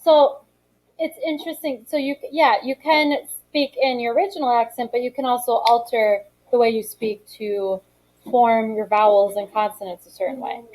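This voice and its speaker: This social studies teacher has a voice on the high side with a steady, darkish tone and moderate pace, on a rough recording. Reading from a textbook in class, she talks it over with students conversationally, calls on them, encourages them, and uses many fillers.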